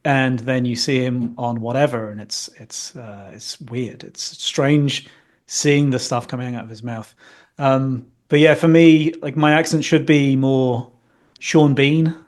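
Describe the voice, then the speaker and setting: A man from Northern England whose accent has drifted toward American, chatting as a guest on a podcast in a relaxed, self-deprecating way. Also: medium pitch, measured pace. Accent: Northern English softened toward American. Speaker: guest, company founder. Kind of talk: casual podcast interview.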